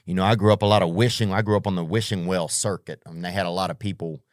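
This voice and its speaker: A man's voice: low-pitched, steady tone, very fast, dry recording, studio quality. A man doing a rambling, profane comedic monologue as a podcast host, full of slang and tangents.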